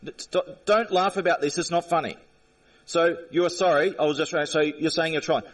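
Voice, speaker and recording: A man lectures a viewer in an angry, repetitive rant, swearing and pressing the same point again and again. His voice sits high for a man. He is recorded from some distance away from the microphone. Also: a little fast.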